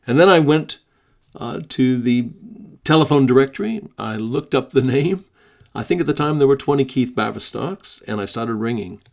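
An American man hosting a podcast, talking conversationally with many pauses and reading a written story aloud. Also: medium pitch, animated, gravelly. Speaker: podcast host.

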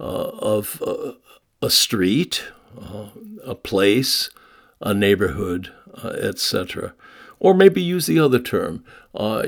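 A man who guides walking tours, giving a short evening talk, speaking haltingly with many uhs and restarts and spelling words out. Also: on the low side, vocal fry. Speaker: London walking tour guide. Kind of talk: short nightly talk on place names.

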